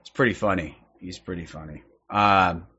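A man streaming and reacting to clips, sarcastic and profane, working himself into excited outbursts. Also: sits low, moderate pace, husky, highs cut off. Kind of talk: mocking commentary.

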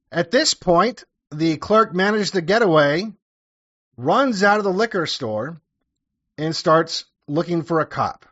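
Male storyteller, raised pitch, sarcastic and crude, dry and slightly muffled recording. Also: fairly bright tone, dry recording. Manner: sarcastic, crude, with wry asides. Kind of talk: casual true-crime storytelling.

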